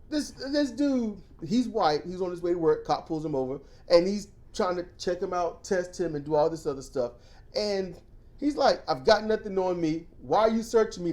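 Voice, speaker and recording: An animated man co-hosting a casual discussion, his pitch swooping widely as he rants and tells stories. His voice is dark and mellow, and he jumps into loud, mocking impressions of the people he quotes. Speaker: podcast co-host.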